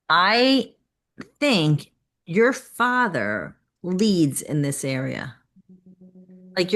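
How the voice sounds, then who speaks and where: A woman's voice: low-pitched, a bit bright. A woman in a class who has a cold, thoughtfully building her point with examples. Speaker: class participant.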